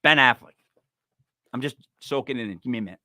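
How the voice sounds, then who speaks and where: A man's voice: medium pitch, rapid-fire, no room sound, clean studio sound. A man hosting a podcast, talking in a casual, joking and emphatic way. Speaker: podcast host. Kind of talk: casual comedic chat.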